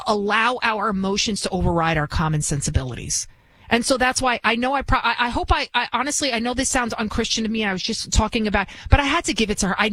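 A woman's voice: fairly high pitch, fairly bright tone, no room sound, low-quality recording. A woman in her forties, hosting a radio talk show with an indignant, ranting monologue. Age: 40s.

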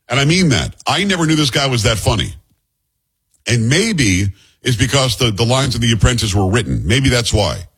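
A man's voice: medium pitch, a bit bright, slightly rough. A man with a New York accent hosting political commentary, blunt and sarcastic. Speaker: host commentator.

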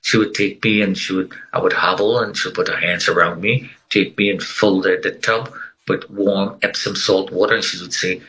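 A man's voice: deep voice, steady tone, normal speed, bright, forceful tone, low-quality recording. A middle-aged man telling his life story in conversation, earnest and emphatic, repeating phrases for weight. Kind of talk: personal testimony in conversation.

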